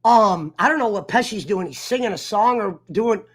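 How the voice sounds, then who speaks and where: A man's voice: high-pitched, animated, normal speed, fairly bright tone, breathy edge. Profane fired-up man telling a story. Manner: profane, fired-up storyteller who mimics others. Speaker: host of an online sports talk show. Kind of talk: casual livestream rant.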